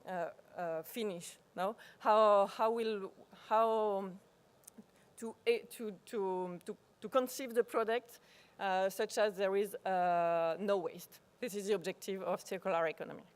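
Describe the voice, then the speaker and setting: A woman with a French accent, a native French speaker, giving a live workshop presentation, pausing often to search for words and restarting phrases. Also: medium pitch, steady tone, smooth. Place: conference workshop room.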